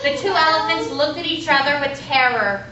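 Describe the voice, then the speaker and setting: Woman narrating a class play, expressive storytelling, high-pitched, echoey room picked up from a distance. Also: moderate pace, highs cut off, a little hiss or hum. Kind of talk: storybook narration for a school performance. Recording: echoey room, recorded from far off.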